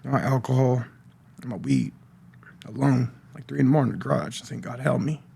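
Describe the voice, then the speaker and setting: A middle-aged man giving a personal testimony on a podcast, talking in a halting way with many restarts and repeated words. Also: mid-range voice, gravelly, mellow, husky. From California. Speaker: podcast guest sharing recovery story. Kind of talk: personal testimony, casual talk.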